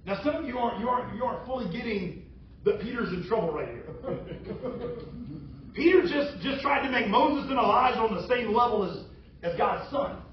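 A man preaching a sermon as pastor, animated and humorous as he retells a story. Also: extremely high pitch, moderate pace, a little hiss or hum. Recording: roomy, distant, dull sound.

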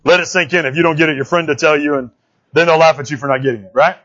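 A man's voice: on the high side, very fast, a bit bright. A man preaching a folksy sermon to his church, telling jokes and calling out to the congregation. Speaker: pastor. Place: church sanctuary. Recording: dull, muffled sound.

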